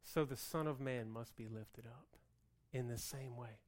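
A man preaching a sermon with lively swings between loud outbursts and hushed, slow passages, acting out the people's complaints. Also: mid-range voice. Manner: plays out the people's complaints in a whiny voice. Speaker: pastor.

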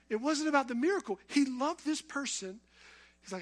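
A man's voice: very high-pitched, lively intonation, fast talker, fairly bright tone. A man preaching a sermon, talking conversationally and building to impassioned emphasis.

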